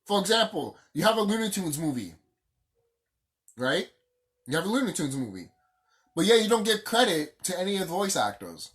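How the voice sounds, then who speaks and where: A vlogger in the middle of an unscripted rant, with a voice that leaps high and drops low as each point lands. The talk is heated and profane, and the speaker hammers lines home by repeating them. The pitch sits in an ordinary middle range. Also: very animated, normal speed, pauses often, fairly bright tone. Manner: profane, heated and emphatic, repeats phrases for stress.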